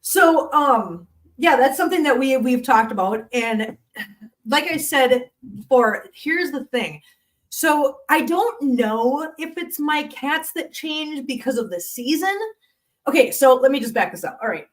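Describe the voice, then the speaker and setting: A middle-aged woman hosts a relaxed live stream from her home studio. She chats easily with viewers, answers the chat and laughs a lot. Her voice sits a bit higher than most. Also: a little slow. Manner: chatty, laughs often, talks straight to viewers. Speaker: host of a cat live stream.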